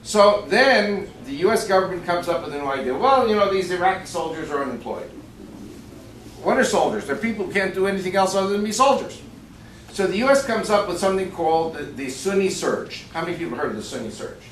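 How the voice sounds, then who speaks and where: Brief: male guest speaker with a fairly high voice, punchy and talking straight to the crowd, picked up by a far-off mic in an echoey banquet room with faint ambience behind him. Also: lively intonation, fast, slight background noise. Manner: emphatic, conversational, asks the audience questions. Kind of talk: lecture to a club audience, with jokes. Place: banquet room of a shooting sports store.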